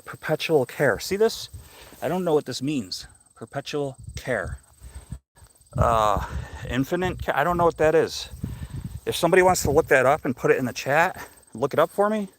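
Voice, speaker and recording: On a dry recording, a middle-aged man with a medium-pitched voice hosts a casual live stream while walking through a cemetery outdoors. Slightly out of breath, he rambles curiously as he chats with viewers.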